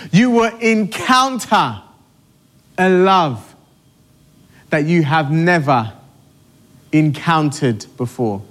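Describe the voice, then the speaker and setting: A man's voice: a little high, animated, slow, pauses often, fairly bright tone. A middle-aged man preaching a sermon with emphatic, repetitive exhortation.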